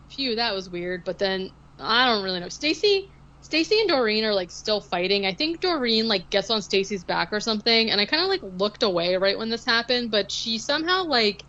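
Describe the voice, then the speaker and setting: A woman on a podcast retells a movie plot in a loose, rambling way, peppering it with likes and ums. Her voice sits at a middling pitch, and the audio is a little dull and lo-fi. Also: pushed and bright. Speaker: podcast co-host. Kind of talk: casual movie recap chat.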